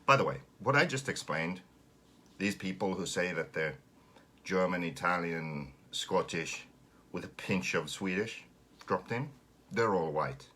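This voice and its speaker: A man's voice: low voice, unhurried. A man from Finland with a Finnish accent, hosting a casual live stream and ranting sarcastically with plenty of swearing. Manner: sarcastic, swearing, animated rant.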